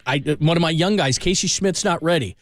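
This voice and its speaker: A man's voice: fairly high pitch, brisk, no room sound, studio quality. A man hosting a sports radio show, arguing his point insistently and repeating himself as he talks. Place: radio studio.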